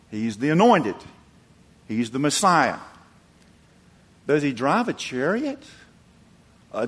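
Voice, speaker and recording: A man preaching a sermon, acting out quoted voices and moving between loud emphatic peaks and low quiet asides. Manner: acts out quoted voices, chuckles. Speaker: pastor.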